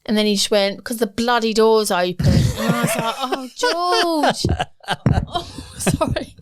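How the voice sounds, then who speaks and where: A woman's voice: a little high, fairly even intonation, moderate pace. A woman, co-hosting a podcast in casual chat and telling stories about her kids. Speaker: podcast co-host.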